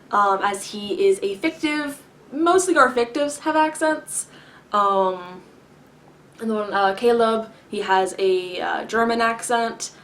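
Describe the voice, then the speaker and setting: A woman vlogger answering viewer questions in a deliberate, enunciated way, with long pauses, many filler words and some throat-clearing. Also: medium pitch, fairly bright tone. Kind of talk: casual explanatory talk to camera.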